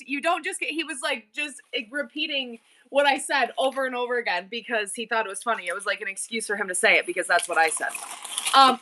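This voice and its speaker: Bubbly high-voiced woman hosting a live stream. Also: bright, forceful tone, slight background noise. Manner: bubbly, chatty, with quick asides to chat. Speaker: online auction live-stream host. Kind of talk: casual live-stream chat with viewers.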